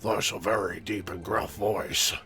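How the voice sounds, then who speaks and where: A man's voice: fairly low pitch, a little slow, over music. A man streaming a video game, reacting with jokes and swearing in casual commentary. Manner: animated, swearing, joking reactions.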